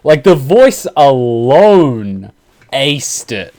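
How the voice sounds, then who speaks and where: Excitable male reaction host, dry sound. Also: mid-range voice, unhurried, no echo. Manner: excitable, swears, gushing fan. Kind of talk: casual reaction commentary.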